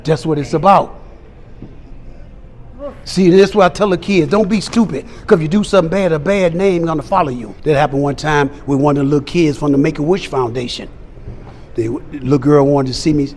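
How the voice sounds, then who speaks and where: Older male guest with a fairly high voice, emphatic storyteller who voices the other people himself, faint background noise. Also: brisk, darkish tone. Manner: emphatic, acts out quoted dialogue. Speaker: celebrity guest. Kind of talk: storytelling interview. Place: fan convention.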